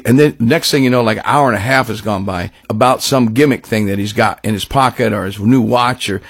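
A man hosting a radio countdown show, telling a loose, rambling story with many restarts in a husky voice. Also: on the low side, brisk, few pauses, a bit bright. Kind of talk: casual radio show talk.

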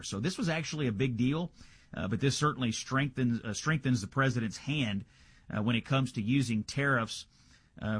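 A man's voice: mid-range voice, a bit bright, slightly rough, no echo. A male radio host giving a conversational political news rundown, checking the Senate floor live, with frequent filler "uh"s.

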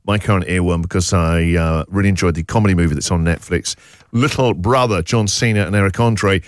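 Male radio host, animated and playful, low voice with a dry studio close-mic. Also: brisk, no echo. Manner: animated, self-mocking, mock-dramatic. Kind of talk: casual radio chat, reading listener texts. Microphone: studio microphone.

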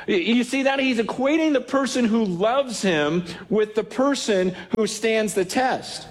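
A man's voice: sits high, animated, a little slow. A pastor preaching a sermon in a conversational, storytelling way, often restarting his sentences.

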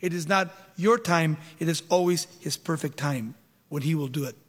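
A man's voice: on the high side, normal speed. A male pastor preaching a sermon, emphatic, with rhetorical questions and dramatic retelling, in a church hall.

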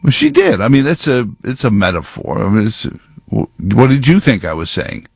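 A man's voice: on the low side, expressive, moderate pace, vocal fry, darkish tone, slightly rough, dry recording. A man giving rambling, sarcastic political commentary full of wordplay.

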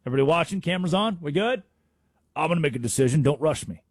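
A preening, self-important star athlete who keeps checking that all eyes are on him, as a sports radio man puts him on. The voice swoops up and down and sounds a little husky. It is in a dry, close studio. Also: on the high side, animated, rapid-fire, no room sound. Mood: smug. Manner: preening, fishing for attention. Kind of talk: mocking impression on sports radio.

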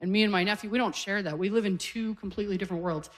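A woman's voice: mid-range voice, rapid-fire. A woman in her forties from Canada doing a stand-up set on stage, telling stories in a conversational way with punchy one-liners. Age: 40s. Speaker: stand-up comedian. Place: comedy stage before a live audience.

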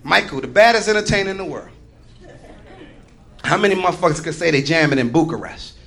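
A man's voice: a little high, lively intonation, fast, gravelly. A man doing a profane, swaggering stand-up routine. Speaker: stand-up comedian. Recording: live club with loud crowd noise.

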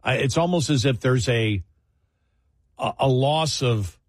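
Husky male radio talk host. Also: mid-range voice, a little slow, dry recording. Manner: rambling, restarts, chuckling asides. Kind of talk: casual late-night radio talk.

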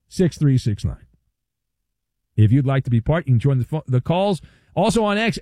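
A man's voice: mid-range voice, big pitch swings, normal speed, pauses often, warm tone, dry recording. A man hosting sports talk radio, delivering a playful, wry monologue with hammy emphasis.

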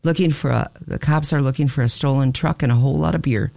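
A man co-hosting a morning radio show, reading odd news with wry joking asides in a gravelly voice. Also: medium pitch, fairly even intonation, quick pace, a little mellow, dry recording, studio quality. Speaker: radio co-host. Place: radio studio. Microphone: close studio mic.

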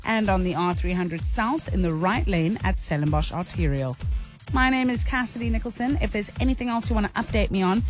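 A South African woman reading radio traffic updates in a brisk, clear way. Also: lowish voice, expressive, faint music behind. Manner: brisk, clear news-read delivery. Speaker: traffic reporter and co-host. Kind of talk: radio traffic report and chat. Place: radio studio.

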